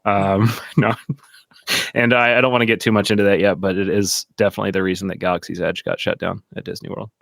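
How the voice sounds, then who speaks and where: A man's voice: sits low, level tone, quick pace, vocal fry, a bit bright, no room sound, studio quality. A man hosting a podcast in casual chat, rambling with lots of fillers and frequent laughter. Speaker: podcast host.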